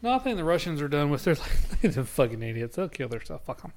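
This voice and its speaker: A man's voice: on the high side, very animated, fast, darkish tone, slight background noise. A man in casual chat, teasing his friends with crude jokes. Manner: joking, teasing, crude humor.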